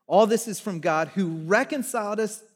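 High-voiced male pastor preaching. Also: normal speed. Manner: animated, swings from hushed to near shouting. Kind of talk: sermon.

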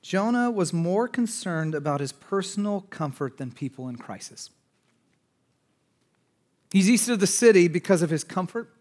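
Male pastor, higher voice, sermon delivery with big swings from urgent to hushed. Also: lively intonation, moderate pace. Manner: swings between urgent raised passages and hushed, quiet asides; conversational, with fillers and restarts.

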